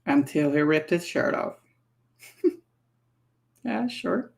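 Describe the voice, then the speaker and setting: Painting miniatures live on stream, this woman talks in a deep voice with lively intonation and vocal fry, taking her time. Her chat is casual, full of laughter and thinking out loud as she goes.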